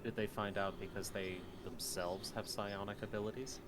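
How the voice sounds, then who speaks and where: A man's voice: lowish voice, steady tone, normal speed, background noise. A man playing a tabletop role-playing game, describing his character casually and thinking aloud. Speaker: player. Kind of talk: tabletop role-play chat.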